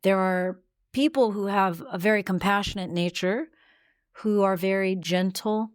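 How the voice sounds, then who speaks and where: A woman voice coach teaching a podcast lesson in a gentle, reflective way. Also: mid-range voice, measured pace, clean tone, no room sound, clean studio sound.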